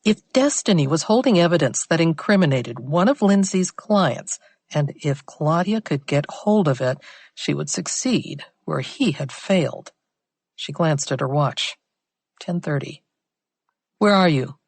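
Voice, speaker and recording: Low-voiced woman audiobook narrator. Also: animated, a little slow, a little mellow, breathy edge, no room sound.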